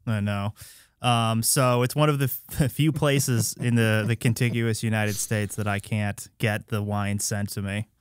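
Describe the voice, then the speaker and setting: Male podcast co-host, smooth resonant voice, close dry mic. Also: fairly low pitch, fairly even intonation, measured pace, no room sound. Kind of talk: casual chat.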